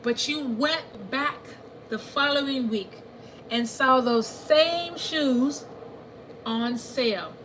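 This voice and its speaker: Woman, financial coach, lively, repeats herself, faint background noise. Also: sits high, slow, low-quality recording. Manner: animated, repeats herself, asks listeners if they hear her. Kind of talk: live coaching session.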